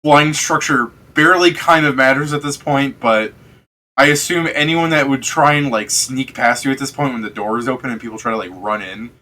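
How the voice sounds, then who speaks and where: A man's voice: mid-range voice, a little fast, sharp tone. A man running a tabletop game as game master, rambling casually, laughing and swearing often.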